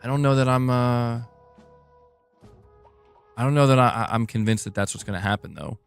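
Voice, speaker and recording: A man's voice: medium pitch, moderate pace, clear, resonant tone, soft background music. A man hosting a casual live stream about video game news, chatting loosely and reacting to his chat with frequent laughs.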